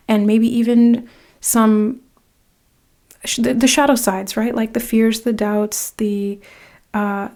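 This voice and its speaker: A woman with a fairly high, mellow, warm voice gives a casual tarot reading. She rambles with plenty of fillers and restarts. She talks straight to the viewer in an encouraging, tough-love way. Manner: direct second-person encouragement. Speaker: tarot card reader.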